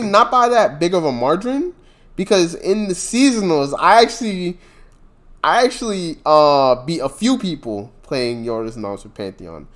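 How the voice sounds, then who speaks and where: Animated man chatting on a podcast. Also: fairly high pitch. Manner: animated, laughs often, trails off mid-thought. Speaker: podcast co-host. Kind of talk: casual gaming podcast chat.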